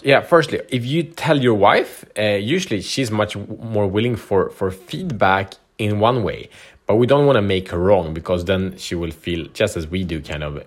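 A man talking casually to camera as a relationship coach, candid and loose, swearing and laughing now and then. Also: on the low side. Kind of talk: casual advice talk to camera.

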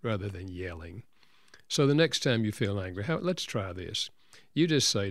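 An older man, a counselor and author, telling a personal story as an interview guest in an earnest, gentle way. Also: fairly low pitch, expressive, brisk, no room sound, studio quality.

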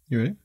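A young man co-hosting a casual podcast, joking, swearing and giggling through bloopers. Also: heavy background noise. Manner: giggly, profane, jokey. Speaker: podcast co-host.

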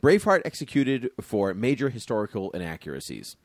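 Brief: low-pitched male host reading history aloud, cracking jokes between lines, dry close sound. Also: fairly quick, no echo. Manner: jokey, animated asides while reading aloud. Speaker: podcast host. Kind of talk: casual chat, reading from a history book.

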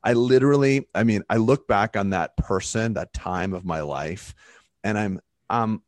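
A man co-hosting a podcast in casual conversation, telling stories with lively quoted voices. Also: on the low side, normal speed, dry recording. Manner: animated storytelling, acting out quoted voices. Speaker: podcast co-host.

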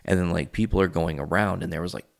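Vlogger in his thirties, deep gravelly voice, talks to his viewers in loose, swearing, confessional stories. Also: fast talker. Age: 30s. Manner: rambling, profane, confessional. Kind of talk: casual storytelling vlog.

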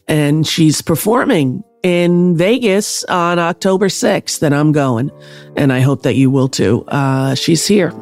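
A woman's voice: low voice, a little mellow, dry recording, clean studio sound. A woman hosting a podcast in casual chat, rambling with lots of fillers and restarts. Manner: enthusiastic when introducing a guest. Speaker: podcast host.

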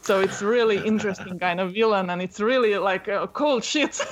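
A chatty woman with a voice, telling a story in a relaxed podcast chat. She talks at a middle pitch and fills her sentences with "like" and "uh". She laughs easily as she goes. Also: brisk, a crowd in the background. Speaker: podcast guest recommending a manga. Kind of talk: casual chat.

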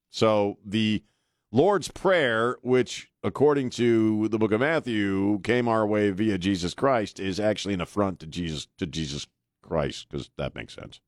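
Blunt sarcastic talk radio man, low voice. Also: takes it slowly, dry recording, clean studio sound. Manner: blunt and sarcastic, with hesitant fillers. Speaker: radio talk show host. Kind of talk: opinionated talk radio monologue. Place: radio studio. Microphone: studio microphone.

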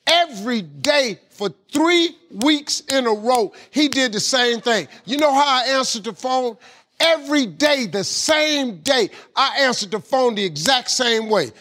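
A man telling a motivational personal story in a lively, folksy way, with casual grammar. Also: very high-pitched, unhurried. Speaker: guest speaker.

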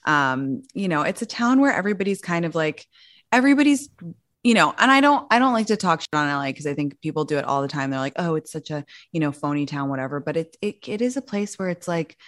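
Low-voiced chatty American woman. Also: expressive, fast talker, a bit bright, no echo, clean studio sound. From born in the US, grew up in London. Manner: chatty, many "like" fillers and restarts. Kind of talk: casual chat.

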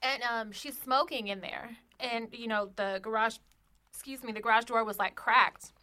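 A woman, co-hosting a casual podcast, telling animated stories with a lot of profane slang. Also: a little high, moderate pace. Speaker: podcast co-host. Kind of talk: casual chat.

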